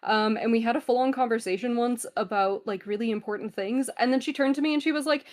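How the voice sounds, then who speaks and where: A woman's voice: on the high side, fast, hardly any pauses. A woman with a Canadian accent rambling through a game-show turn, with lots of fillers and self-deprecating asides. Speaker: contestant. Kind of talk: casual game-show banter.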